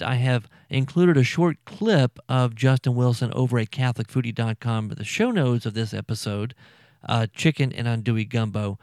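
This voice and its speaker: A man's voice: mid-range voice, a little mellow, dry recording, clean studio sound. A man hosting a food podcast, chatting casually with frequent fillers and repeated words. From Louisiana. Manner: chatty, repeats himself, lots of fillers and stammers.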